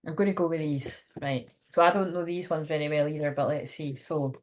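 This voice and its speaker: A woman with a deep, fairly quick voice does a live tarot reading for her viewers, rambling and thinking aloud in a chatty, informal way.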